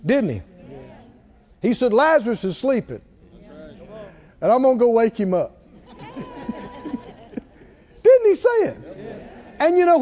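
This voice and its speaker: A man preaching a sermon to a congregation, slow and measured, building up to shouted exclamations. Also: extremely high pitch. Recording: dull lo-fi recording.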